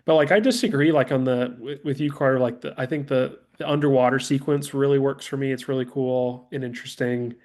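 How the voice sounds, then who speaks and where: A man's voice: mid-range voice, brisk, few pauses. Man acting out movie lines while talking. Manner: animated, acts out movie lines, swears casually. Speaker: podcast co-host. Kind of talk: casual film discussion.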